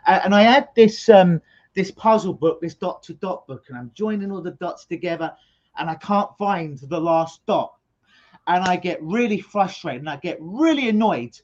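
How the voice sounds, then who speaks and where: Man, middle-aged, high-pitched voice, animated storyteller, lo-fi video call sound. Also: moderate pace. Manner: energetic storyteller, repeats words when starting sentences. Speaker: hypnotist guest. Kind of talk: conversational interview explanation.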